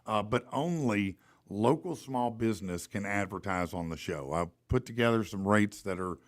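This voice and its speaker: Animated man telling a story. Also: lowish voice, normal speed. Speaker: podcast host. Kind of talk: casual storytelling and live ad read.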